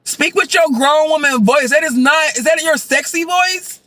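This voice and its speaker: A man chatting casually as a vlogger, reviewing a show while he eats, animated and sassy with loud outbursts. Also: very high-pitched, normal speed, no echo.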